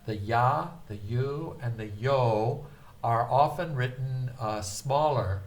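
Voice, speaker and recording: Slow, patient older male teacher. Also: mid-range voice, a little hiss or hum. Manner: slow and patient, with frequent hesitations; drawn-out, carefully sounded-out syllables. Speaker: language teacher. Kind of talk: recorded beginner lecture.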